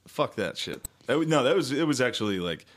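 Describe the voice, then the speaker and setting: A man's voice: medium pitch, very animated, fairly quick, fairly bright tone. A young man co-hosting a podcast in casual, profane, joking chat. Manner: profane, joking, does mocking voices. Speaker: podcast co-host.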